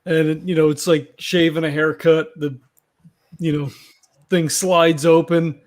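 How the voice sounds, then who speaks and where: A man's voice: a little high, level tone, unhurried, a little mellow. A man playing a character in a tabletop game, talking casually with many fillers. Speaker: player.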